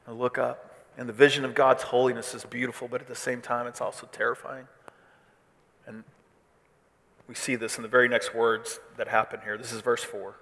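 A male pastor from Missouri preaching a sermon with animated delivery, swinging between loud declarations and hushed asides. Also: mid-range voice, fairly quick. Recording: reverb of a large hall.

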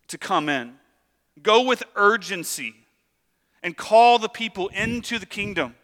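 A man preaching a sermon in a casual, conversational way, acting out lively asides. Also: sits high, normal speed, long reverb tail. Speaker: pastor.

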